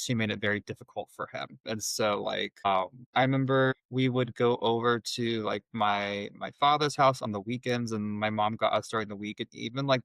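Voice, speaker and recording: Man, podcast guest, lowish voice, halting and reflective, candid storytelling, dry close sound. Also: gravelly, a bit bright, dry recording, rough recording. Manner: halting, reflective, many restarts.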